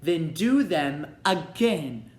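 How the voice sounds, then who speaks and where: A man's voice: fairly high pitch, animated, a little slow. A man voicing a cold, bossy stepmother in a storybook reading, curt and commanding, in a roomy echo. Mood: snapping.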